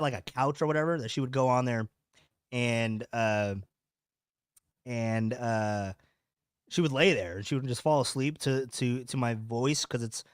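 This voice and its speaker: A man's voice: medium pitch, clean tone, no room sound, clean studio sound. Rambling casual podcast host, a man. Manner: rambling, repeats words, laughs often. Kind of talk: casual live-stream chat.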